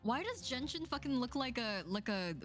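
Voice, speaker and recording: A woman's voice: high-pitched, animated, moderate pace, soft background music. A woman chatting casually while playing a game on stream, blunt and freely swearing. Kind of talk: casual gaming stream chat.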